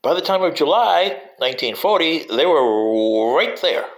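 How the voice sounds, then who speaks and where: Man, rambling history commentary, wry asides, somewhat high voice, very lively pitch. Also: a little slow, rough recording. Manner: digressive and wry, addressing politicians directly.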